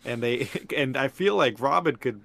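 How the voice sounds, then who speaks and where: A man co-hosting a podcast, relaxed and chatty, who laughs a lot and trips over his sentence starts. His voice sits at an ordinary middle pitch. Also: vocal fry. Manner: easygoing, laughs often, halting restarts. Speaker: podcast co-host. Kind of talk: casual chat.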